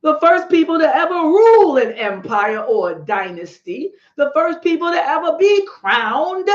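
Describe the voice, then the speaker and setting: A woman hosting a live stream, chatting with viewers and talking through history in a casual, animated way. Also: sits high, highs cut off.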